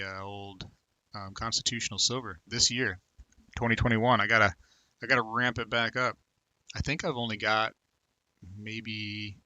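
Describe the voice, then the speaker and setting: A man's voice: lowish voice, sharp tone, no room sound. A man in his thirties hosting a casual livestream, chatting loosely with viewers, reading their comments aloud and rambling with plenty of fillers. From United States. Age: 30s. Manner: rambling, filler-heavy, talks to viewers by name. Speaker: livestream host.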